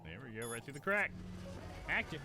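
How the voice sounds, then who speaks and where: A man streaming a game live, commenting in an excitable, profane way and giggling often. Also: medium pitch, brisk, over music.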